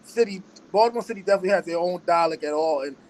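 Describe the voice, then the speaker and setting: A man's voice: high voice, rapid-fire, darkish tone, rough recording. A man hosting a podcast in casual chat, rambling and repeating himself as he restarts his points. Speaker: podcast host.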